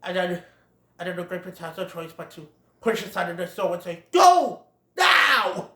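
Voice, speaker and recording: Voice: mid-range voice, flat delivery, a little fast, echoey room. A film reviewer retelling a plot in a casual, chatty way, laughing along. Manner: chatty, laughs at own jokes.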